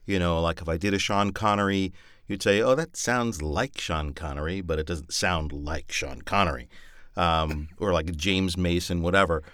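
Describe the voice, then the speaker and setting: Male narrator, deep low register, casual rambling podcast talk, dry close sound. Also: moderate pace, fairly bright tone, dry recording. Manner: thoughtful, rambling with many fillers. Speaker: audiobook narrator.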